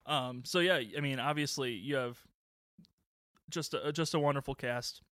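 A man's voice: medium pitch, normal speed, fairly bright tone, no echo, studio quality. A man co-hosting a casual movie podcast, rambling with many restarts and frequent chuckles. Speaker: podcast co-host.

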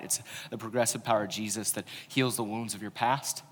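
A man's voice: lowish voice, steady tone, quick pace, a bit bright. A young man preaching a candid, conversational sermon as pastor, acting out the voices he quotes. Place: church hall. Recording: long hall reverb.

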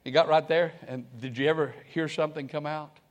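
High-pitched preacher guy, gets loud then drops to near whispers when praying, repeats himself a lot. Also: a little fast, highs cut off. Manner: animated preaching, swings from shouts to hushed prayer; repeats words and phrases. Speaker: pastor. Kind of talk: sermon.

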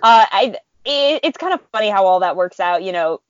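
Woman guest, fan artist, lively storyteller, muffled close mic. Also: medium pitch, brisk, no echo. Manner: animated, chatty, frequent laughs and fillers. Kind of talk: casual storytelling interview.

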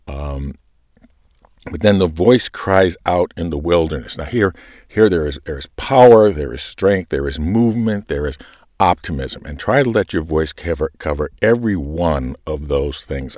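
A man's voice: a bass voice, animated, normal speed, darkish tone, no echo, clean studio sound. A man explaining to church readers how to pace and voice a scripture reading, then demonstrating it. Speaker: lector coach. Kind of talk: reading instruction.

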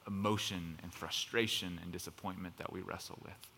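A man's voice: low-pitched, steady tone, normal speed, creaky, pushed and bright, slightly rough. A male pastor preaching a sermon in a conversational, impassioned way, sometimes building to emphatic outbursts. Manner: conversational preaching with fillers like "kind of".

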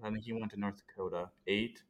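A man's voice: on the low side, steady tone, fast. A man co-hosting a casual sports podcast, rambling and talking himself through trivia answers. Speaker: podcast co-host.

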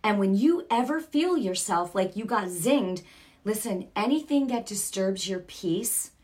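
A woman's voice: medium pitch, lively intonation, measured pace, a little mellow. A middle-aged woman preaching informally on a broadcast, earnest and chatty, with sudden bursts of emphasis. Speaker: Christian broadcaster.

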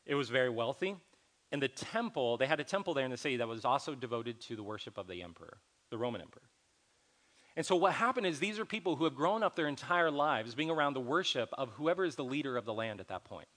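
A man's voice: medium pitch, expressive, quick pace, a bit bright. A young adult man preaching a sermon as pastor, conversational and earnest, acting out little dialogues as he teaches.

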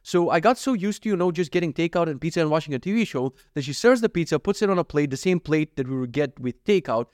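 A man's voice: a little high, expressive, quick pace, few pauses, darkish tone, dry recording, clean studio sound. A young man hosting a solo podcast, rambling through jokey, profane stories. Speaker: podcast host. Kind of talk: casual solo podcast monologue.

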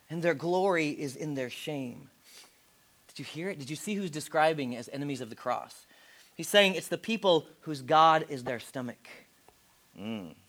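A man in his forties preaching a sermon from the pulpit. His voice sits high for a man. He talks to the congregation in a plain, direct way and often sinks to a near-hush for emphasis. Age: 40s. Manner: direct, conversational preaching with dramatic drops to a hush. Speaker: pastor.

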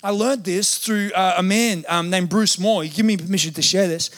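A man's voice: high voice, moderate pace, fairly bright tone. A man preaching a sermon as a pastor, conversational and joking now and then.

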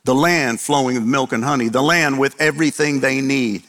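A middle-aged male pastor preaching a sermon, animated, firing off rhetorical questions and acting out quotes. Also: mid-range voice, moderate pace. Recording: long reverb of a large hall.

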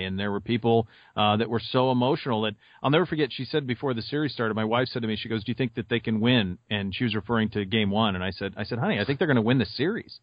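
A man's voice: mid-range voice, no echo, highs cut off. Chatty man, sports podcast co-host. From Montana. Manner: animated storyteller, rambling with fillers. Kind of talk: casual podcast chat.

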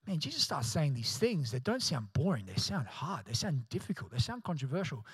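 A man's voice: on the high side, wildly swooping pitch, fairly quick, few pauses, fairly bright tone, husky, dry recording. A man preaching a sermon, telling a self-mocking comic story and acting out other people's voices. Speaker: pastor.

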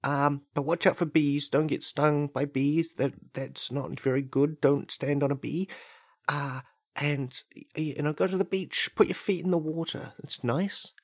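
A man voicing a dreamy, barefoot-loving male ad pitchman in a spoof advert, slow and soothing. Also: steady tone, dry recording, studio quality.

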